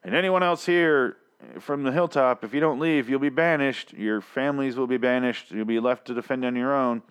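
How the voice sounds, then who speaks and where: A man's voice: mid-range voice, normal speed, smooth, voice pushed up, lightly acted. Man putting on a nervous, stammering cowardly leader.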